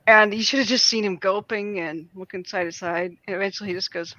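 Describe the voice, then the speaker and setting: Woman, guest, casual storytelling, animated, laughs a lot, bright voice, dull lo-fi sound. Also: mid-range voice, a little fast. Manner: animated, laughs often while telling stories.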